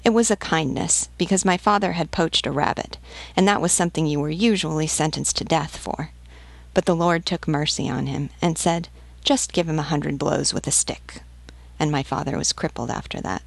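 A woman's voice: low voice, moderate pace, vocal fry, no room sound. A woman reading a frightened peasant mother. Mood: fearful. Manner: hesitant, short replies.

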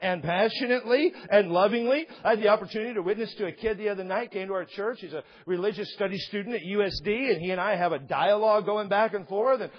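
A man's voice: high-pitched, quick pace, hardly any pauses, slightly rough. A man preaching a sermon as a pastor, impassioned and emphatic, repeating phrases for effect, on a slightly dull recording.

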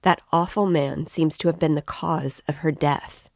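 A timid middle-aged mother speaks hurriedly and fretfully, as a woman reads her aloud. The voice is low and the recording dry and close. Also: steady tone, measured pace, vocal fry, darkish tone, no room sound, heavily acted. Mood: anxious. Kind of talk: reading a novel aloud.

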